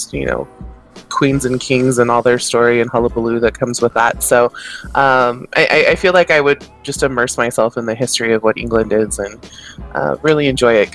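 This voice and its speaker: A man's voice: medium pitch, fairly bright tone, rough recording. A man co-hosting a podcast in casual chat, hesitant and often repeating his words with small laughs. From Pacific Northwest of the United States. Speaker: podcast co-host.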